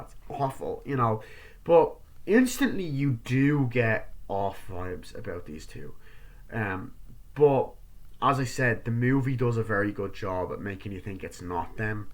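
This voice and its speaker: A man giving a casual film review, rambling and swearing as he retells scenes with quick acted-out quotes. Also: lowish voice, fairly bright tone. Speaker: movie reviewer.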